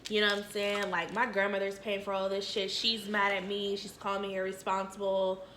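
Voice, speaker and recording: A young woman with a bright, sharp voice chats casually through a personal story. She is blunt and profane, and she leans on filler phrases. Her tone is candid and unpolished, like a vlogger talking to her viewers. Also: medium pitch, monotone, brisk, a little hiss or hum. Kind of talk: casual storytime during an eating video.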